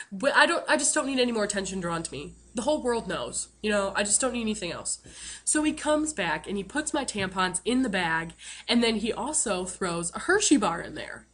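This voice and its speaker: A woman's voice: mid-range voice, very animated, fairly quick, a bit bright. A woman telling a funny story to her camera in a chatty, self-mocking way, full of fillers. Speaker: vlogger.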